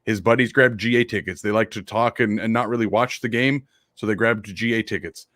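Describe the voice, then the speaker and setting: A man's voice: fairly low pitch, fairly even intonation, brisk, fairly bright tone, dry recording, studio quality. Fired-up man on a sports podcast. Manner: impassioned, profane, urging listeners. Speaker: podcast co-host. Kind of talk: casual sports podcast chat.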